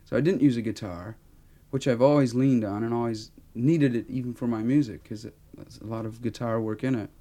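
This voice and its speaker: A man's voice: mid-range voice, fairly quick, dark tone. A man from the United States recalling his early career in an old interview, candid and self-mocking. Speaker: interviewed singer. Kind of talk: archive interview reminiscence.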